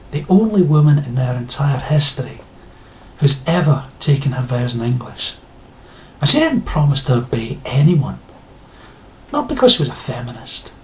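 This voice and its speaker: A Scottish video blogger rants to camera for his viewers, sarcastic, indignant and blunt, with plenty of swearing. His voice is mid-range, and there's a little hiss or hum.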